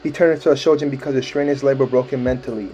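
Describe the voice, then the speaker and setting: A man talks through a manga chapter in a relaxed, slangy way, breaking into laughs now and then. His voice is dark and mellow, recorded on a dull lo-fi mic with faint music underneath. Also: mid-range voice, racing. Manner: laid-back slangy talk with frequent laughs. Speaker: manga chapter recap host. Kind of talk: casual spoken recap.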